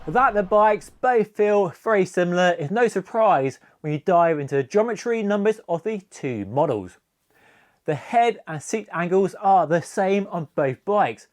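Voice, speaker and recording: Cycling reviewer, male, raised pitch, dry close sound, measured talk. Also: a little mellow, no room sound. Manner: measured, conversational product comparison. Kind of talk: bike review vlog.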